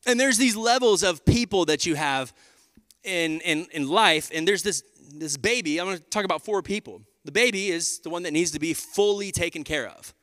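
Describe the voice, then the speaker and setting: A man, preaching a sermon in a lively, conversational way and addressing the crowd as y'all. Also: sits high, moderate pace. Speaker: pastor. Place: large church auditorium. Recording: live hall with long reverb.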